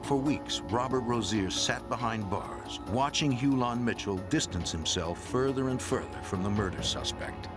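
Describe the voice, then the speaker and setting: A man reading scripted narration for a documentary in an even, serious storytelling manner. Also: medium pitch, moderate pace, few pauses. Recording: narration over loud music.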